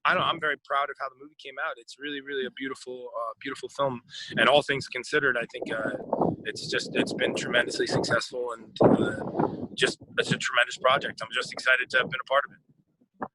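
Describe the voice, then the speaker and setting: American man with a bright, forceful voice. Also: medium pitch, fairly even intonation, fairly quick, low-quality recording. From United States. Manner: rambling, many restarts and fillers. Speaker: actor, interview guest. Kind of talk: casual interview chat.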